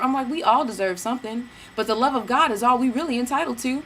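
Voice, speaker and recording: Young woman ranting on her vlog, bright voice, sassy slang, little mimicked asides, faint room hum. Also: on the high side, fast talker, few pauses. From Georgia, US. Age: young adult. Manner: animated, mimics people in asides, sassy slang, bursts of cackling laughter. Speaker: vlogger. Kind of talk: casual storytelling rant.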